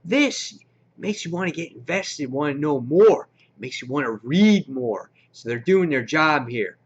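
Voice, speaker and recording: An excitable man reviewing a comic in a casual, slangy way, his voice sitting a little high. The recording sounds dull and lo-fi. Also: measured pace, breathy edge. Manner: excitable and slangy, acts out his own gasps.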